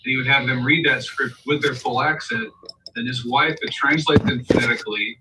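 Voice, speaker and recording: A man's voice: mid-range voice, fairly even intonation, brisk, distant mic, heavy background noise. A man on a video call, an audio engineer, telling a long explanatory story. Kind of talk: casual video call chat.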